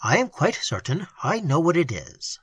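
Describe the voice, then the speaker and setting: Narrator as composed male doctor, quiet authority, bright and husky tone, dry close sound. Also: medium pitch, big pitch swings, no echo, heavily acted. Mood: authoritative. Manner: quiet, measured, decisive.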